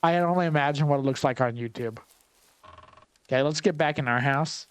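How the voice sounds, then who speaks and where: Male gameplay commentator, wry and chatty, thinks aloud, slightly high voice. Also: fairly quick, smooth, dry recording.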